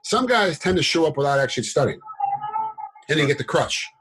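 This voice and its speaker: A middle-aged man, a former fighter turned commentator and referee, telling stories in a casual interview, animated and rambling with fillers. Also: a little high, brisk, husky, low-quality recording. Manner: animated, acts out quotes in a raised voice; rambling with many fillers and restarts.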